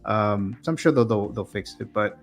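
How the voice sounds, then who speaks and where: A man's voice: lowish voice, moderate pace, faint music behind. A man filling in as co-host on a casual livestream, speaking hesitantly with many ums and restarts. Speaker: guest co-host.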